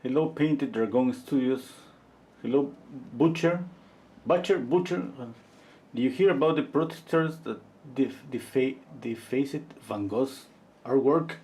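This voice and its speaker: A man in his fifties, a portrait painter chatting casually on a livestream and telling rambling, animated stories. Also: medium pitch, a little slow. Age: 50s. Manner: rambling, animated storytelling full of "you know".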